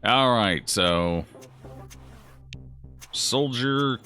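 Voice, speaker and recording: Lively, bright-voiced male game streamer. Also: medium pitch, very slow, clean tone, faint music behind. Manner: chatty and jokey, reacting aloud to chat. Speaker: gaming streamer. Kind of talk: casual let's-play commentary answering chat.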